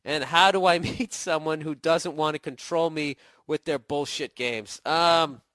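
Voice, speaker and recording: Boston guy, middle-aged, a bit of a cold, swearing and sarcastic podcast advice, kinda high voice, dead dry sound. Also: steady tone, unhurried, a bit bright, no echo. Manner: sarcastic, mocking falsetto impressions. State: getting over a cold, voice cracking. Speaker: comedian podcast host answering listener email. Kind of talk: profane comedic advice rant.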